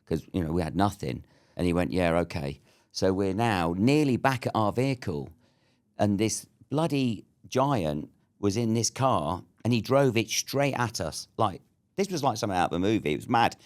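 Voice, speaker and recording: A man's voice: lowish voice, animated, moderate pace. A British man in his fifties telling a war story as an interview guest, blunt and swearing freely. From Britain.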